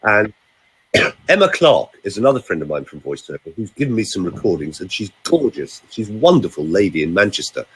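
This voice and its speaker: An older man with a husky, breathy tone tells chatty anecdotes as a vocal coach. His pitch swings widely and animatedly, and he often leans into a theatrical delivery. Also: big pitch swings, fairly quick, a bit bright, low-quality recording. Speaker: vocal coach and voiceover actor. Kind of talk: casual chat.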